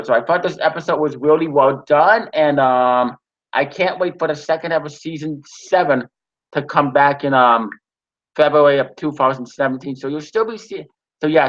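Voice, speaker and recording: A man reading out a TV episode recap and then giving his own casual review, in a halting way with frequent restarts and pauses. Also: on the high side, a bit bright. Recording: dull lo-fi recording.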